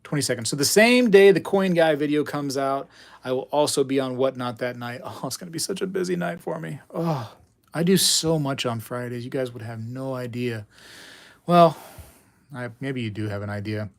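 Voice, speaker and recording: A man's voice: mid-range voice, normal speed. Man rambling on a casual livestream. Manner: rambling, joking, chats with viewers. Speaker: coin channel host.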